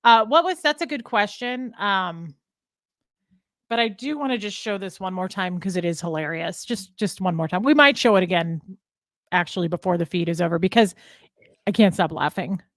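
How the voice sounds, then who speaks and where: A woman's voice: on the low side, moderate pace, no room sound. Casting: woman host, easygoing chat, dry close sound. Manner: conversational, laughing easily. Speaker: livestream host. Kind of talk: casual livestream chat.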